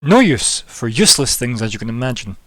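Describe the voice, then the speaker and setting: Man playing a smooth, scheming noble lord, veiled threats, dry close sound. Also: mid-range voice, very animated, fairly quick, no echo. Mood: menacing.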